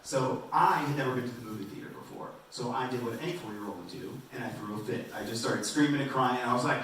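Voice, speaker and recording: A man doing a stand-up comedy set in a club, rambling and self-deprecating, with halting restarts. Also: medium pitch, a bit bright. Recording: roomy and distant, faint noise.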